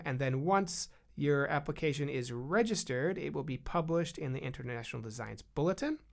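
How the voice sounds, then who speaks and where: A man speaking as a guest expert in a podcast interview, relaxed and conversational, with frequent fillers and restarts. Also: fairly high pitch. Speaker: guest expert on design protection.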